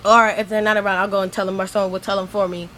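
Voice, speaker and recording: A woman's voice: medium pitch, flat delivery, very fast, a bit bright, slight background noise, low-quality recording. A woman venting in a rambling vlog monologue, filling her talk with "like" as she retells an argument. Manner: rambling, venting, heavy use of "like". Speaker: vlogger.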